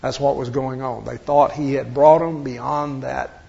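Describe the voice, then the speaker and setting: Gravelly-voiced man teaching Bible study. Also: mid-range voice, steady tone, measured pace, a little mellow. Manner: explains step by step, asks rhetorical questions. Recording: dull lo-fi recording.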